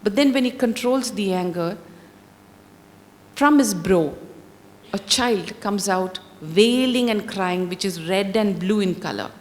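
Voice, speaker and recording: Woman narrating a holy story really slowly, expressive, big hall echo. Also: medium pitch. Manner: slow, deliberate, expressive. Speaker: spiritual storyteller. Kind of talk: devotional scripture storytelling. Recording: long hall reverb.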